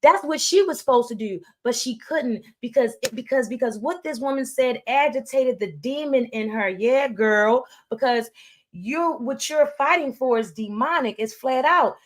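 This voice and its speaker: Through a streaming mic, a female livestream commentator chats casually and emphatically, repeating herself and veering into sermonizing tangents. Her voice sits high and is expressive, at a moderate pace.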